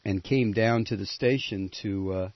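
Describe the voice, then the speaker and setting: A man hosting a call-in talk radio show, blunt and joking, wrapping up calls briskly. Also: fairly low pitch, dry recording. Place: radio studio. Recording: dull lo-fi radio broadcast.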